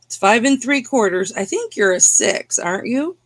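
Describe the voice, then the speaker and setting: A woman's voice: fairly high pitch, big pitch swings, moderate pace, dry recording. A woman hosting a live jewelry auction in a casual, chatty, teasing way, talking to viewers by name. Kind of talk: casual live-stream selling chat.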